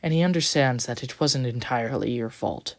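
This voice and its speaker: A storyteller voicing a kind, polite male steam engine who speaks calmly and gently, with a little rambling. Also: medium pitch, a little fast, no room sound, lightly acted. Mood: gentle. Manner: soft-spoken, warm, slightly rambling.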